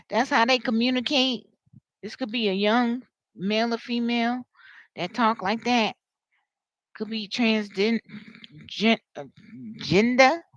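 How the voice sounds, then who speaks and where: A woman giving a live tarot reading, talking to viewers in an animated, slangy way. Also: fairly high pitch, dry recording, lo-fi sound. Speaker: tarot reader.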